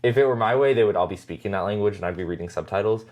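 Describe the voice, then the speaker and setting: A man's voice: on the low side, racing, darkish tone. A man co-hosting a podcast in casual chat, hedging often with "like" and "um". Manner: hesitant, hedging with "like" and "um". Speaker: podcast co-host.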